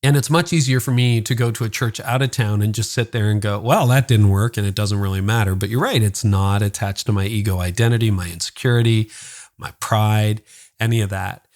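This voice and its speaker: A man's voice: lowish voice, brisk, a little mellow. A man who is a former pastor, talking candidly and earnestly in a podcast conversation, rambling a little and acting out the voices of people he quotes.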